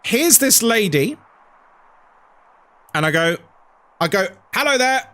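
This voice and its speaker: A high-voiced man chatting on a game stream, his pitch swinging up and down as he tells a story. He rambles and repeats lines over and over, then cuts off mid-thought. The delivery is loose and animated. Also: slow. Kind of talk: casual chat on a horror game stream.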